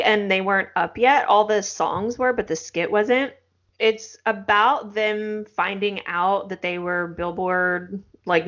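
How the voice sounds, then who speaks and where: A woman's voice: mid-range voice, fairly bright tone, dull audio. A woman co-hosting a podcast in a casual, chatty way, with many fillers. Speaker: podcast co-host. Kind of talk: casual chat.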